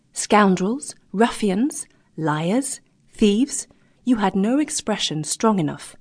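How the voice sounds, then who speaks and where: A woman reading an audiobook, voicing a defiant male mutineer leader who speaks roughly and accusingly. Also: mid-range voice, darkish tone.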